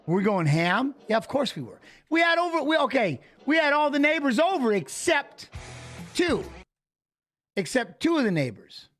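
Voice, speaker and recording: A middle-aged man with a fairly high voice, talking in a loose, animated way. He tells a story in casual chat, swears freely and keeps restarting his sentences. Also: normal speed, soft background music. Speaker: co-host of a fight preview show.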